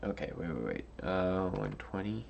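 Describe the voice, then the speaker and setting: Deep gravelly man coding aloud, slow. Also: very animated, dull audio, a little hiss or hum. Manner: musing, hesitant, many fillers and restarts. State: tired, yawning. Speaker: coding tutorial host. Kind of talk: thinking-aloud coding walkthrough.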